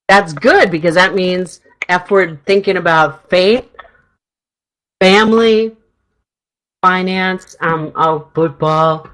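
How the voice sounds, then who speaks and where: A middle-aged woman hosting a radio talk show, chatting in a rambling way with a slightly hoarse throat. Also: lowish voice, rough recording. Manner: chatty, rambling, laughs often. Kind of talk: casual chat.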